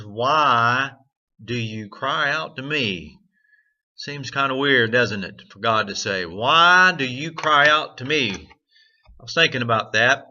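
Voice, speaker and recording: Man host, earnest storytelling devotional, very bright tone, dull lo-fi recording. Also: mid-range voice. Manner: earnest storytelling with frequent fillers. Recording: dull lo-fi sound.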